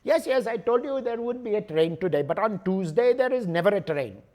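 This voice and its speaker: A man's voice: high-pitched, animated, brisk, dark tone, pitched above the performer's own voice. Man putting on a stubborn ticket clerk. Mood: insistent. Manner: broken English, repeating phrases, brushing off requests. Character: polite stubborn male railway ticket clerk.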